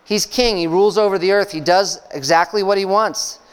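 A man preaching a sermon as pastor, speaking conversationally with fillers and soft laughs. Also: sits high, steady tone, fairly quick, clean tone. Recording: long hall reverb.

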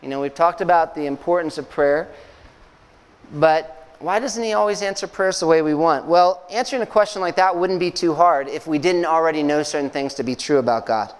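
A man preaching a sermon as pastor, speaking conversationally with fillers and soft laughs. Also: on the high side, brisk, smooth. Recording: long hall reverb.

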